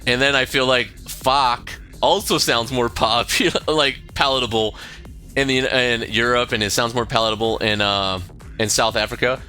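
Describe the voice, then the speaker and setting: A man's voice: medium pitch, fairly even intonation, moderate pace, sharp tone, soft background music. An American man in his thirties, chatting on a stream, rambling with lots of fillers and swearing freely. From United States. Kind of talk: casual stream chat.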